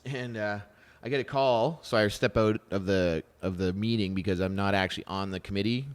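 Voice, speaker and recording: A man in his thirties hosts a casual podcast chat. His voice sits low and sounds smooth and resonant. He tells stories in an animated way, acting out what people said. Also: brisk. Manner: storytelling, animated retelling of conversations. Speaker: podcast host.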